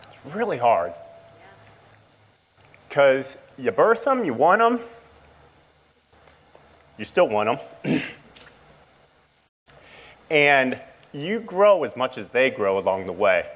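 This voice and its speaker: A middle-aged man tells a church gathering about his bond with his grown child. He speaks in a halting, heartfelt way, often stopping and starting his sentences again. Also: medium pitch, big pitch swings, fairly bright tone, poor audio. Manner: halting, emotional storytelling with many restarts. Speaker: father sharing a testimony. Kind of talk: personal testimony to a church audience.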